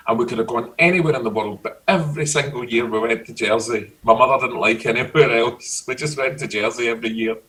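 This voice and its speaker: A man's voice: mid-range voice, fast, few pauses, distant mic, rough recording. Scottish man telling childhood stories. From Scotland. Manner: storytelling, animated. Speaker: guest. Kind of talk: casual chat.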